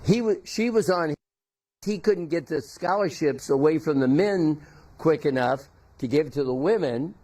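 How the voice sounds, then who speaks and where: An older man giving a memorial tribute, telling folksy, halting anecdotes about a former teammate. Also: on the high side, animated, warm tone.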